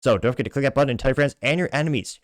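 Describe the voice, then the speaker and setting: A man's voice: medium pitch, rapid-fire, no echo, studio quality. A man hosting a podcast, casually reading social media comments aloud in a stumbling, self-deprecating way with frequent restarts. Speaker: podcast host.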